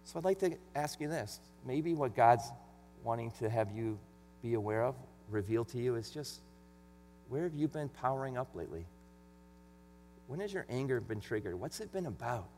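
A man's voice: medium pitch, animated, normal speed, a little mellow, faint music behind. A middle-aged man preaching a sermon in an earnest, conversational way. He reads scripture with extra emphasis. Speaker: pastor. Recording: long hall reverb with faint mains hum.

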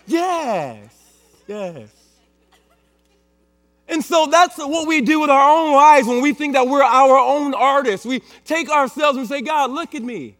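Male pastor, high voice, measured emphatic sermon, humming hall sound. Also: expressive, a bit bright. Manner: emphatic, repetitive preaching with playful asides. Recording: long hall reverb with mains hum.

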